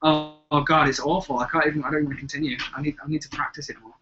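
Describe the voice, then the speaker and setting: A man's voice: fairly high pitch, fairly even intonation, racing. A man co-hosting a live video chat, rambling and interrupting himself as he tells stories. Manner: rambling, self-interrupting storyteller. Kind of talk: casual chat. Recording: dull lo-fi webcam audio.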